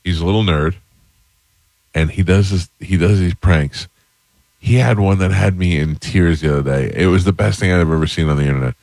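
Radio host, man, very low voice, lively storyteller, dry close studio sound. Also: a little fast, creaky, dry recording. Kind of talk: casual morning radio chat.

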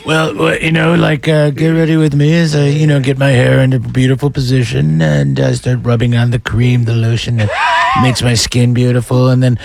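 A man's voice: mid-range voice, little pitch movement, normal speed, creaky, darkish tone, natural voice. A man doing an impression of a rambling older male president, trailing off mid-thought.

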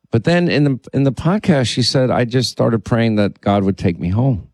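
A man's voice: medium pitch, moderate pace, hardly any pauses, a little mellow, dry recording. Storytelling man, dry close sound. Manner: storytelling, with many restarts and quoted dialogue. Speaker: podcast host. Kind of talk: casual conversation.

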